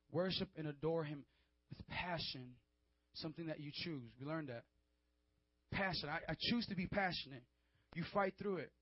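A man with a high voice preaches a fervent sermon, pressing his points and calling out to the young crowd. The sound is dry and a little dull, with no room echo and muted highs. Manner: fervent, emphatic, calls out to listeners.

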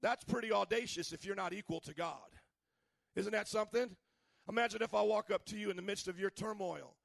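A male pastor preaching a sermon, asking the congregation questions and building up to shouts. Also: high-pitched, fairly quick, vocal fry, dry recording. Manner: preachy call-and-response questions, rising to shouts.

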